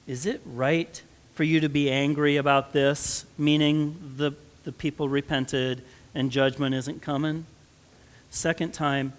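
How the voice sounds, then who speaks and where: A pastor with a Midwestern American accent preaches a sermon in a church sanctuary, his fairly high voice moving at a measured pace. He starts conversationally and then builds to emphatic stresses, all under long church reverb.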